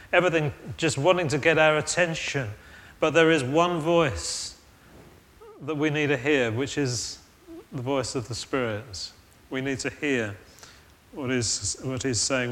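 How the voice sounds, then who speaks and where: A man's voice: a little high, fairly bright tone. A man preaching a sermon in an earnest, thoughtful way, often restarting his phrases. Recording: long reverb of a large hall.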